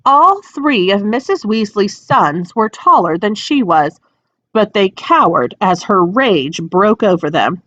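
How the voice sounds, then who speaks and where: A woman reading a children's fantasy book aloud as narrator, with an expressive, lilting delivery. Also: medium pitch, takes it slowly. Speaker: audiobook reader. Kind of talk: storybook read-aloud narration. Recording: dry, dull lo-fi sound.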